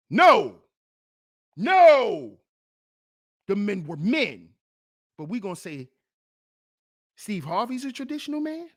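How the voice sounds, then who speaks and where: Slow, lively-pitched man scolding mockingly. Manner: mocking, scolding, repeats taunts. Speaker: channel host commentator. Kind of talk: livestream commentary rant.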